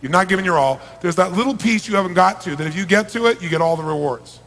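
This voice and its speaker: Male motivational speaker, middle-aged, high voice, emphatic stage delivery, big reverberant hall. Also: expressive, fast. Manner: emphatic, swings from hushed to shouting. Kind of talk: live seminar talk to an audience. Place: large event hall. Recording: long reverb of a large hall.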